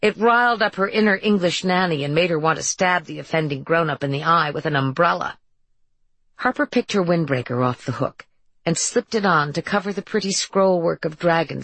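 A woman reads an audiobook in a low, husky voice with a creaky fry at the bottom. The recording is dry and close, with no room sound. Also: fairly bright tone, no echo. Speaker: audiobook narrator. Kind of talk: scripted narration.

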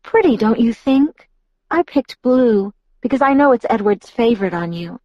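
A lady putting on a chirpy pushy vampire girl, way higher and a bit louder than her narration, dry close sound. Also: lively intonation, moderate pace, dry recording, highs cut off, lightly acted. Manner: bright, bubbly and insistent. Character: perky, pushy young female vampire friend. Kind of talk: audiobook character voice.

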